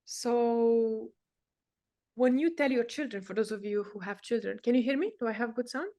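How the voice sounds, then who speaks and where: This speaking and voice coach has a slightly high, warm-toned voice and moves at a moderate pace during her live lesson. Each point gets an emphatic explanation, and she alters how she speaks to illustrate it.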